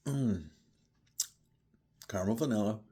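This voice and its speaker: Man, low voice, husky, casual whiskey tasting, thinks out loud. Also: animated, unhurried. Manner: chatty, thinks aloud while tasting. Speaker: whiskey reviewer.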